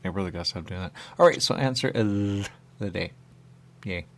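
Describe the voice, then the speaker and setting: A deep-voiced male radio host talks briskly, spinning out a meandering monologue that loops back on itself and follows whatever thought comes next.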